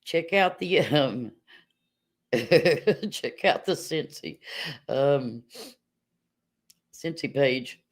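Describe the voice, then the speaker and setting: A woman's voice: low-pitched, animated, drawn-out words, long pauses. A middle-aged woman chatting casually with viewers on a livestream, telling stories and laughing often.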